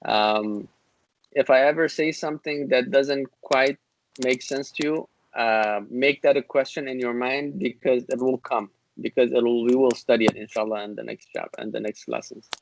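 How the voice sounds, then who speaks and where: A man's voice: medium pitch, steady tone, moderate pace, gravelly, slight background noise, low-quality recording. Man, grammar teacher, online class, patient, repeats himself, lots of uh and um. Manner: patient, repetitive, many fillers and restarts.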